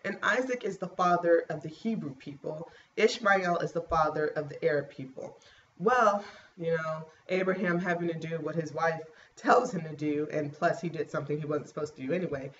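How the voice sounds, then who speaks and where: A woman vlogging casually to camera, rambling and clearing her scratchy throat. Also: sits low, normal speed, fairly bright tone, dull audio. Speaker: pregnancy vlogger.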